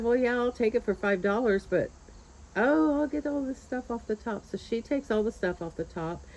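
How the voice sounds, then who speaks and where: A chatty middle-aged woman tells a story in a relaxed vlog, laughing often and slipping into the voices of the people she quotes. Her voice sits at a middle pitch for a woman. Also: rough recording. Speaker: vlogger. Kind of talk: casual storytelling.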